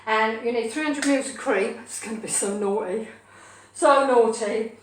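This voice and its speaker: A woman's voice: fairly high pitch, normal speed, far from the mic, a little hiss or hum. Chatty woman cooking in an echoey kitchen. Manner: chatty, playful, sing-song asides. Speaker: cooking show host. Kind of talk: casual live cooking stream chat. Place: home kitchen.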